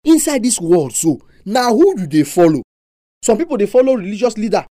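A preacher with a Nigerian accent delivering a sermon, full of animated, emphatic rhetorical questions. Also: mid-range voice, a little fast, no echo, studio quality.

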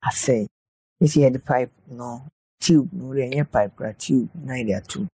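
A man's voice: medium pitch, moderate pace, vocal fry, dark tone, slightly rough, dry recording. A man explaining health matters in casual chat, with many hesitant restarts.

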